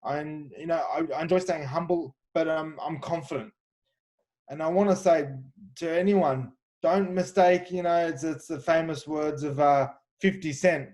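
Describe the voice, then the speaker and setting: A man's voice: on the high side, steady tone, moderate pace, a little mellow. A man, a kickboxer, telling fight stories in an interview, confident and chatty with many fillers and restarts. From Australia. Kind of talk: animated storytelling interview.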